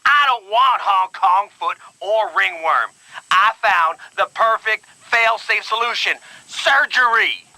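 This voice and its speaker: A man's voice: sits high, animated, takes it slowly, bright, forceful tone, no room sound, heavily acted, poor audio. An actor playing a shallow male radio caller who boasts in a brash way. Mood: smug. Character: vain, shallow male caller proud of implants.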